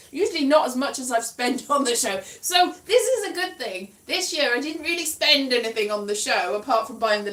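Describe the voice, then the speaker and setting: Rambling, self-mocking woman with a lively voice. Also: a little high, reverberant, far from the mic. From Wales. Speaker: comedian. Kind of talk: casual livestream chat.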